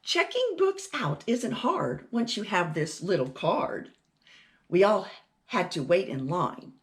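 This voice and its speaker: A woman hosting a children's storytime, reading a rhyming picture book aloud in an animated way and asking the kids questions. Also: medium pitch, slow.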